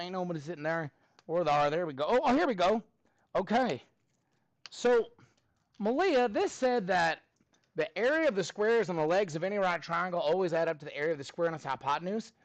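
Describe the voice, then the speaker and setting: Energetic man teaching math, cheerfully quizzing a class in a high, animated voice. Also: dry recording. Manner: upbeat, prompting students for answers.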